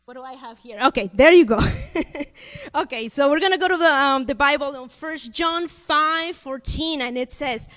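A woman's voice: high voice, normal speed. A woman from Latin America preaching a sermon, telling a personal story and asking her listeners questions. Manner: animated storytelling, addresses audience with questions. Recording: long reverb of a hall.

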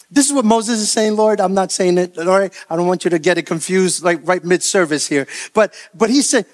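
A man preaching as pastor, animated, acting out the voices of the people he quotes. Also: high-pitched, a little fast, hardly any pauses. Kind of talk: sermon.

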